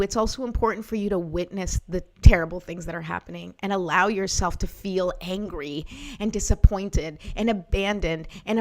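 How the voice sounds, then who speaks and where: A woman's voice: medium pitch, darkish tone. A woman hosting a motivational talk, encouraging and personal, often checking in with the listener. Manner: encouraging, repeats "right?" to the listener. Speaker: host.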